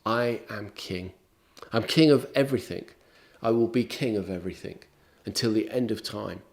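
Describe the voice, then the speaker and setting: A preacher speaking as patient almighty God. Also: male voice, fairly low pitch, moderate pace, natural voice. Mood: majestic. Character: God, patient all-powerful king, male. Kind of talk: sermon storytelling.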